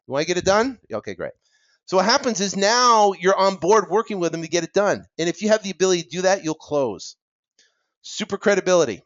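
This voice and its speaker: A man teaching real estate investing in an energetic, worked-up way, acting out talks with sellers and tossing in "right?" asides. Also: sits high, muffled recording. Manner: fast, animated, acts out seller dialogue, many "right?" asides.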